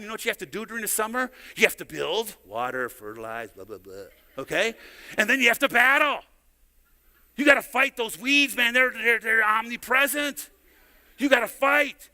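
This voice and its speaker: Preaching in a church sanctuary, a middle-aged male pastor speaks in a high-pitched, sharp voice. He tells stories conversationally, frequently repeating words, and the recording has a long hall reverb.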